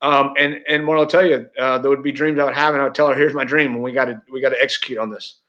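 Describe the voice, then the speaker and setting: A man's voice: medium pitch, fairly even intonation, fast, fairly bright tone, highs cut off. A middle-aged man telling a heartfelt personal story as an interview guest, earnest, with many restarts. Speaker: real estate agent, interview guest.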